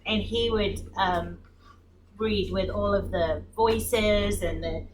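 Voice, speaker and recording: A woman chats and reminisces in a relaxed way, laughing easily. Her voice sits at a middle pitch. Loud background noise runs under her speech. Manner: chatty, quick to laugh. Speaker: staff member at a pregnancy center. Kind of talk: casual group chat.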